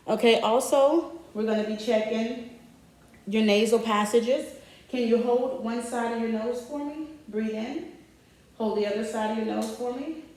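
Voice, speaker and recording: Woman, nursing student, methodical clinical narration, polite instructions, heavily echoing room, distant mic. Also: mid-range voice. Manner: methodical, calm, narrating findings aloud while instructing the patient. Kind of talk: narrated physical assessment demonstration.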